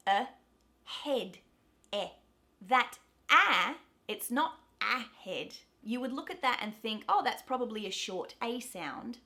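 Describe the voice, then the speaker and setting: An upbeat young Australian woman teaching vowel sounds straight to camera, her words crisp and carefully shaped. She talks at a mid pitch in a friendly, energetic way, like a tutor walking a learner through examples. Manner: cheerful, upbeat, clearly enunciated. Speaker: pronunciation teacher. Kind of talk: video lesson on pronunciation.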